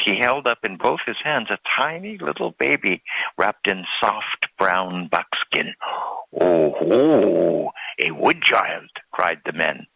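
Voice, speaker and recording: A man reading a storybook aloud in a slow, deliberate way. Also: lowish voice, sharp tone, husky, dry recording, poor audio. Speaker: narrator.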